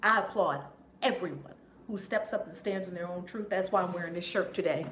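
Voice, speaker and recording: A woman reverend hosting a live stream, warmly greeting chat viewers one by one in an effusive, upbeat way. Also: fairly low pitch, fairly quick. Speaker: reverend and spiritual teacher. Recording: roomy echo, faint background noise.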